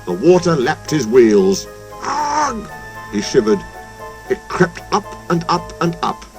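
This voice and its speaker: Slow, highly animated male storyteller. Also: music in the background. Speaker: narrator. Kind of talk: storybook narration.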